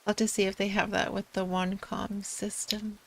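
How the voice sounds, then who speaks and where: A woman's voice: medium pitch, little pitch movement, moderate pace, vocal fry, a little hiss or hum, poor audio. A woman streamer chatting casually and giggling often as she talks. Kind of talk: casual chat.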